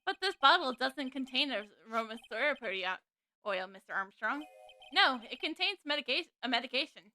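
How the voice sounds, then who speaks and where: A flustered young lawyer, bright and high, leaping between calm reasoning and triumphant shouts, as a woman voices him for a game. Faint game music runs behind. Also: normal speed, full character voice. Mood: excited. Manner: excitable, shouting objections.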